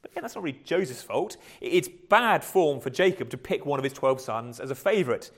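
A man's voice: medium pitch, lively intonation, brisk. A man preaching a conversational sermon, often restarting words and chuckling lightly.

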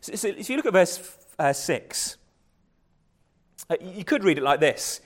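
Higher-voiced preacher, chatty. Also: male voice, lively intonation, moderate pace, a bit bright. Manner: conversational, self-correcting, light chuckles. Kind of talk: sermon.

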